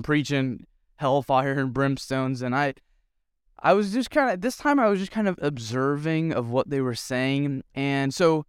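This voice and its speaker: A man's voice: mid-range voice, clear, resonant tone, no room sound, studio quality. A young man and youth pastor, telling a story in an earnest, rambling way with many fillers. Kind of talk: casual storytelling vlog.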